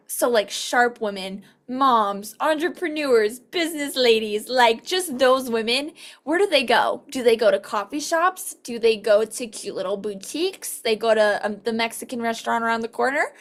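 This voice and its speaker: A woman's voice: fairly high pitch, animated, moderate pace. Upbeat woman leading a video-call training. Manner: upbeat and chatty, acts out quoted dialogue. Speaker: sales team trainer. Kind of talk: casual online training talk.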